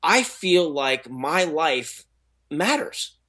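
A man's voice: a little high, big pitch swings, extremely slow, sharp tone. A middle-aged man who is an actor and speaker, telling stories in a rambling, casual way, full of restarts and fillers. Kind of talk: casual interview talk.

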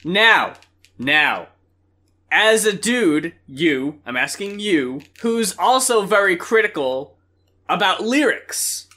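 A man's voice: high-pitched, big pitch swings, slow, bright, forceful tone. A man co-hosting a casual music review chat, emphatic and blunt, swearing freely. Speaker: music review podcast co-host.

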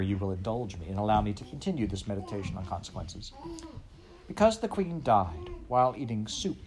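A man reading a children's novel aloud, a measured storyteller who often speaks straight to the listener. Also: mid-range voice. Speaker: audiobook narrator.

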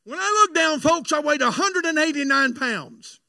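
Male pastor with a high, bright, gravelly voice. Preaches and tells personal stories with fervor. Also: lively intonation, moderate pace, dry recording. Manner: fervent, swings between shouted preaching and hushed confiding storytelling. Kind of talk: sermon with personal storytelling.

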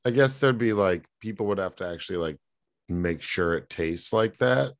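A man's voice: low-pitched, expressive, moderate pace. A man co-hosting a podcast, chatting in a laid-back way, swearing and laughing along. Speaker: podcast co-host. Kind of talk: casual chat.

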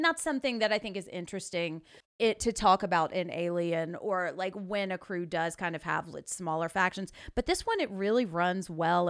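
A woman's voice: lowish voice, no room sound, clean studio sound. A woman co-hosting a casual film podcast, talking enthusiastically with lots of "like" fillers. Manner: enthusiastic, fast-flowing, heavy use of "like". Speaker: podcast co-host.

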